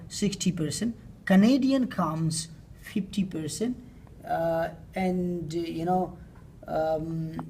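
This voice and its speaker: Low gravelly woman presenting, hesitant. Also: a little mellow, slight background noise. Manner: hesitant, frequent fillers and pauses. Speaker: student presenter. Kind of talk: class presentation of survey results.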